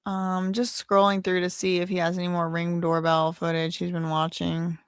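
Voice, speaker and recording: A woman with a lowish, monotone, smooth voice speaks at a moderate pace in a clean studio recording with no echo. As host of a live stream giving case updates, she chats casually with viewers, bluntly and indignantly, occasionally cursing.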